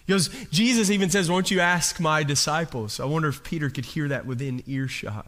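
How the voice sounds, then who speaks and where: A man preaching a sermon, telling the story dramatically and swinging between hushed and loud. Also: a little high, fairly quick. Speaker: pastor. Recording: long hall reverb.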